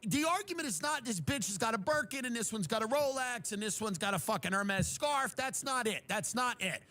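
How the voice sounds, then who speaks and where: A man's voice: very high voice, lively intonation, fairly quick, sharp tone. A man delivering an exasperated, sarcastic comedic rant, acting out others' voices in mocking asides.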